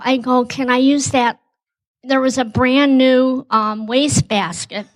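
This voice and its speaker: A woman's voice: high voice, fairly even intonation, a little slow, poor audio. A woman telling a personal story as a guest, acting out both sides of the conversation. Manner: acts out dialogue, says "I go" often.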